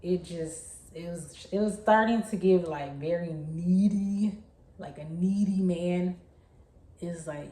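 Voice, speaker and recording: A young woman, telling a story in a chatty, animated way. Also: on the low side, takes it slowly. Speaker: vlogger. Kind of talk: casual storytime. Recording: echoey room.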